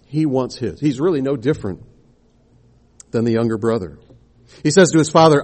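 A man's voice: medium pitch, animated, moderate pace, pauses often, darkish tone. A man preaching a sermon, explaining scripture and posing rhetorical questions to the congregation.

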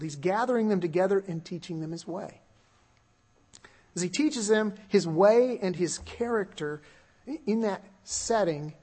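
Husky high-voiced man preaching a sermon. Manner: earnest, measured preaching with emphatic rises and repeated words. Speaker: pastor. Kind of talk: expository sermon.

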